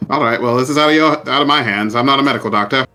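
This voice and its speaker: A man's voice: medium pitch, very fast, bright, forceful tone, faint music behind. A man playing a tabletop game, joking and stumbling over his words. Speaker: player. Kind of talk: casual tabletop game talk.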